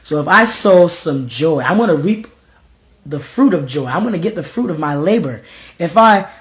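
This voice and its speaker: A slightly hoarse young man with a fairly high-pitched voice preaches informally from his home. He speaks with intense, repetitive fervor, sinking to quiet tones when he quotes his own thoughts or God. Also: lively intonation, normal speed. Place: home room.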